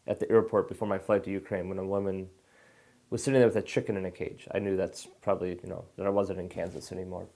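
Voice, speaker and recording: A male author answers interview questions in a loose, rambling way, often restarting his sentences. His voice sits on the low side and comes across plainly. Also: a little mellow. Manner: rambling, frequent fillers and restarts.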